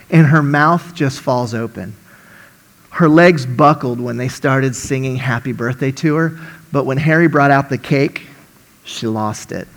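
A man preaching a sermon and telling a story, delivering it animatedly and swinging from hushed to loud. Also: fairly high pitch.

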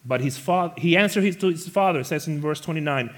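A man preaching a sermon to his congregation, animated, acting out the quoted characters and rising to loud emphasis. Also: fairly high pitch, fairly quick, few pauses. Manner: speaks to the congregation as church family. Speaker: pastor.

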